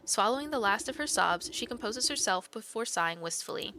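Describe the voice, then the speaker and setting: A woman's voice: fairly high pitch, lively intonation, fairly quick, hardly any pauses, bright, forceful tone, a little hiss or hum. A woman co-hosting a gaming channel, reading a game's story text aloud expressively. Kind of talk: reading game narration aloud.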